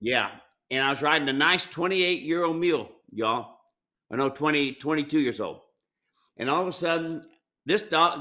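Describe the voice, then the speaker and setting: A man's voice: fairly high pitch, bright, forceful tone. A man who trains mules, giving plainspoken, folksy advice and telling ranch stories in a casual question-and-answer show. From United States. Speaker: mule trainer and ranch owner.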